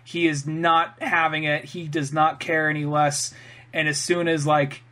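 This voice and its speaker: Man with a slightly higher voice, rambling. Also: little pitch movement, a little slow, pushed and bright. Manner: loose, rambling, trails off and restarts. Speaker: podcast co-host. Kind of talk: casual chat.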